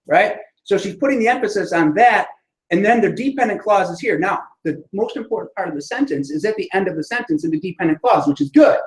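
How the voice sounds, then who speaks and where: A man's voice: sits high, big pitch swings, fairly quick. A man giving a writing lesson, talking students through sentence structure in a conversational way and often asking "right?". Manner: conversational, frequent "right?" check-ins. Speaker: writing instructor. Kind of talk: classroom lecture on sentence structure. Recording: echoey room.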